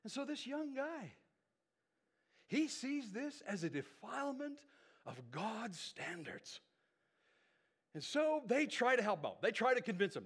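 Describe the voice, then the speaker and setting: Lively, animated male preacher. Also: very high voice, measured pace, pauses often, slightly rough. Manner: animated storyteller with conversational asides. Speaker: pastor. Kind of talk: sermon retelling a Bible story.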